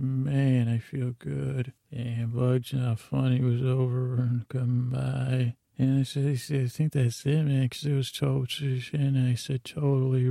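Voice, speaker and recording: Guy droning a rambly bedtime podcast, gravelly and mellow, real flat delivery. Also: medium pitch, no room sound. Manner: meandering, drowsy, offbeat listener shout-outs. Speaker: podcast host.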